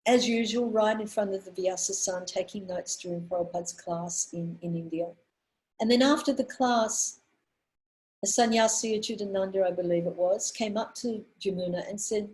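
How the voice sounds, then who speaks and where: A woman's voice: mid-range voice, fairly even intonation, a little mellow, low-quality recording. Older woman telling a devotional story. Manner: earnest storyteller, pausing on fillers and restarts. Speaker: women's minister giving a talk. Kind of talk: anecdotal spiritual talk.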